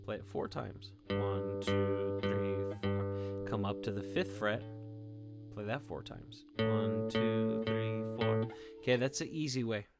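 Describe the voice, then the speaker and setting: A man's voice: lowish voice, little pitch movement, slow. A male music teacher giving a guitar lesson to his students. He keeps asking "okay?" and "all right?" and cheers them on. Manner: encouraging, checks in with "okay?" and "all right?" often. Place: indoors, playing guitar.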